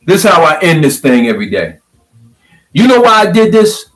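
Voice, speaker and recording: Fired-up animated man ranting. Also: on the high side, brisk, low-quality recording. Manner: animated, preachy, swings from hyped to calm. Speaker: video blogger. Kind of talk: fired-up social media rant.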